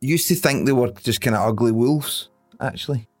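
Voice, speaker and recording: A man's voice: medium pitch, moderate pace. A man in his thirties, co-hosting a podcast and telling jokey stories in casual chat over faint music. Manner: jokey storytelling, laughs at own puns. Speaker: podcast co-host.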